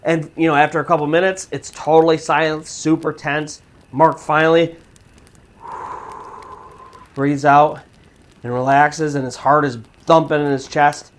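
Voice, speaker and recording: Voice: medium pitch, flat delivery, a little slow, long pauses. Channel host telling a spooky true story, laid-back, lots of you know and like. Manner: casual, conversational retelling with fillers. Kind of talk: narrated true scary story.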